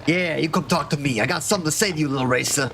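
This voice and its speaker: A man voicing a threatening male Gamorrean swoop racer with a put-on New Jersey accent, gruff and menacing. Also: fairly high pitch, racing, a bit bright, a little hiss or hum.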